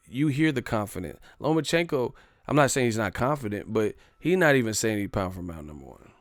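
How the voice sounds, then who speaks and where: A man's voice: lowish voice, sing-song, fairly quick, no room sound, studio quality. A brash, slangy man hosting a live boxing commentary stream.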